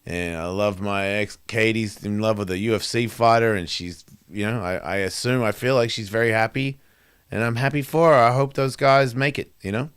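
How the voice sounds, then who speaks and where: A man's voice: fairly low pitch, steady tone, normal speed, clear, resonant tone, no room sound, clean studio sound. A middle-aged man, hosting his show and speaking candidly in a profane, rambling, confessional way. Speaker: host. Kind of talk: candid monologue.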